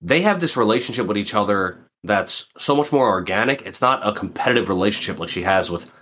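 Low-voiced man, thoughtful chat. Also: expressive, fast, fairly bright tone, a little hiss or hum. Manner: thoughtful, searching for words, many fillers. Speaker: podcast co-host. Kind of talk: casual chat.

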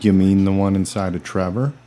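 A man acting in a comedy sketch, with a dry, exasperated deadpan delivery. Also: deep voice, brisk. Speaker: comedy podcast host.

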